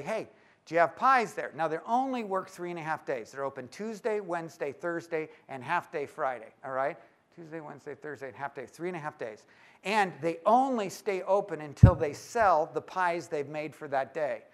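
A pastor telling a humorous story to a live audience, acting out both sides of the conversations. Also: male voice, fairly high pitch. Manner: animated storyteller, acts out both sides of a phone call.

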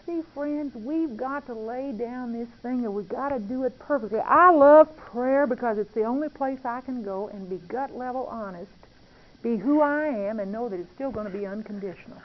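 A woman's voice: fairly high pitch, moderate pace, slight background noise. A woman speaking earnestly and intimately about prayer and faith, confiding like a testimony, in a dull lo-fi recording. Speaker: Christian speaker. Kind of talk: testimony-style talk on prayer.

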